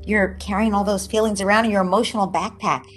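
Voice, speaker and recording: A woman speaking as an expert guest on a video call, animated as she explains her advice and often checks in with "right?". Her pitch sits in an ordinary middle range. Faint music plays under her voice. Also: fast, husky. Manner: animated, acts out parent and child voices, often tags "right?". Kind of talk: explaining advice in an online interview.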